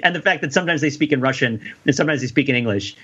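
A man's voice: medium pitch, racing, fairly bright tone, husky, dull audio. A man co-hosting a casual film podcast, talking in a wry, rambling way and laughing at his own jokes. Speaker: podcast co-host discussing a film. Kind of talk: casual chat.

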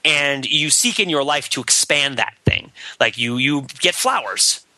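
A man co-hosting a podcast, musing at length in a rambling, animated way with frequent laughs. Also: medium pitch, unhurried. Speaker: podcast co-host. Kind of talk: casual discursive chat.

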